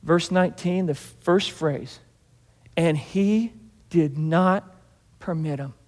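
A man with a high, light voice preaches a relaxed, conversational sermon. He acts out the Bible scenes in short bits of dialogue. A long hall reverb trails after his words. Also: slow pace. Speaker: pastor.

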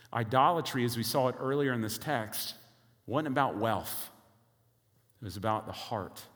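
A man's voice: mid-range voice, a bit bright. A male pastor preaching a sermon emphatically, speaking directly to his congregation. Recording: long hall reverb.

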